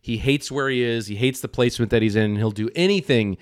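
A man's voice: medium pitch, fairly quick, smooth, no echo, clean studio sound. Rambling, profane man chatting about film. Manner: rambling, profane storytelling with animated quoted voices. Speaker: podcast co-host. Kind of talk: casual film podcast chat.

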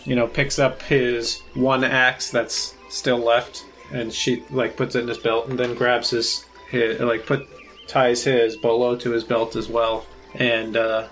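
A man's voice: medium pitch, flat delivery, measured pace, fairly bright tone, faint music behind. Laughing male tabletop player. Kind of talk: playing a tabletop game.

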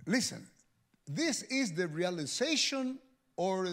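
Man, pastor, sermon, high gravelly voice, very lively pitch, jokes with the crowd. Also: takes it slowly. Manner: animated, joking with the congregation.

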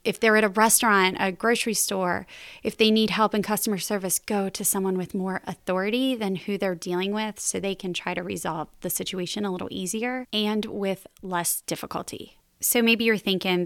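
A woman's voice: medium pitch, fairly even intonation, normal speed, smooth, dry recording, studio quality. Earnest woman giving parenting advice. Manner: earnest, conversational, with small laughs. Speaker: podcast host and mother. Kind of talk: faith-based parenting advice talk.

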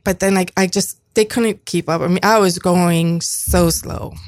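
A woman's voice: lowish voice, steady tone, unhurried, no room sound. A woman in her fifties, an interview guest telling a personal story in conversation, earnest, often restarting and repeating herself. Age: 50s. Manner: earnest, with frequent restarts and repetitions.

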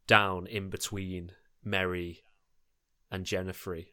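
A man's voice: sits low, a bit bright. A man playing in a tabletop game, a bit hesitant and laughing often. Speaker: player.

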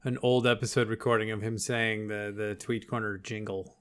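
A man's voice: on the low side, level tone, moderate pace, fairly bright tone. A man co-hosting a live-streamed show, chatting casually, rambling and losing his train of thought. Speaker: podcast co-host.

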